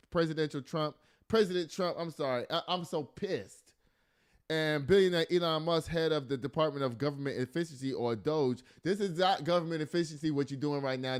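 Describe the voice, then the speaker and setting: Exasperated man reading the news. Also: fairly high pitch. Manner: reads news aloud with frequent exasperated asides; laughs and jokes often. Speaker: podcast host. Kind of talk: casual news commentary.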